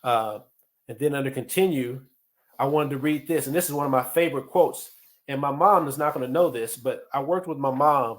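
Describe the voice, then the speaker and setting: A middle-aged man hosting a podcast, giving casual motivational leadership advice in an earnest way, often restarting and repeating words. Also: medium pitch. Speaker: podcast host and leadership coach.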